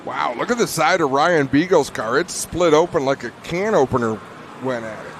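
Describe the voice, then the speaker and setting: A race commentator with a slightly high voice calls the action at an outdoor speedway. He trades easygoing jokes with his booth partner between laps, a faint hum of track noise around him. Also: normal speed. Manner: joking, easygoing banter.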